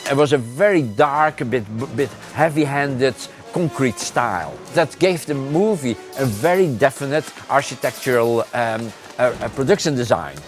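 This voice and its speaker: A man's voice: medium pitch, normal speed, hardly any pauses. A man speaks animatedly as the film's director, often stammering and repeating words. His voice sits mid-range, and faint music plays behind him. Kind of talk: featurette interview.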